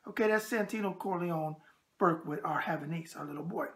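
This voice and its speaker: A man's voice: on the high side, brisk, gravelly, fairly bright tone. A man with a New York accent hosting a casual boxing video show, chatty and emphatic, full of tough-guy catchphrases. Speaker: host.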